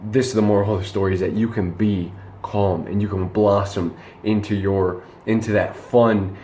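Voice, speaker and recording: A man's voice: lowish voice, fairly even intonation, normal speed, dark tone, roomy sound, a little hiss or hum. A young man casually telling a night-out story and giving dating advice, rambling and slangy, full of fillers and restarts.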